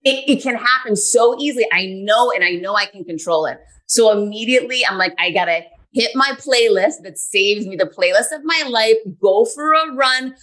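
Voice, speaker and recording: Woman, 40s, podcast guest; bright tone, candid and animated storyteller. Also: on the high side, normal speed, hardly any pauses. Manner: earnest, animated, acts out her own past thoughts.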